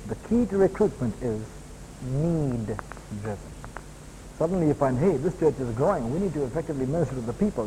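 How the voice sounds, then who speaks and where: A man preaching a sermon as a pastor, building to loud emphatic peaks and then dropping to quieter, lower asides. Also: animated, brisk, husky. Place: church hall. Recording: long hall reverb, faint ambience.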